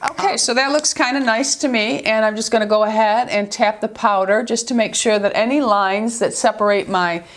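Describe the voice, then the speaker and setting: An older beauty vlogger from New York, with a New York accent and a slightly high voice, gives a chatty, affectionate makeup tutorial at normal speed, barely pausing and frequently checking in with her viewers.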